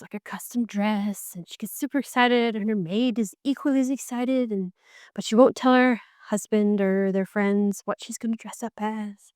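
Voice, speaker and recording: A woman hosting a book podcast, giving a casual, animated recap and slipping into characters' lines as she goes. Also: on the high side, normal speed, clean tone, dry recording, clean studio sound.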